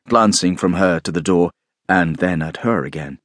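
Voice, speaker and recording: A man narrating a classic novel in a measured, expressive storytelling voice. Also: sits low, dry recording, studio quality. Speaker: audiobook narrator.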